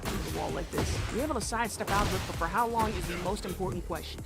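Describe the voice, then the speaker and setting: A young woman commentating a fighting game match, excitable and playful, joking and laughing between calls. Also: medium pitch, fast, vocal fry. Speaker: esports commentator. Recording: loud music bed behind.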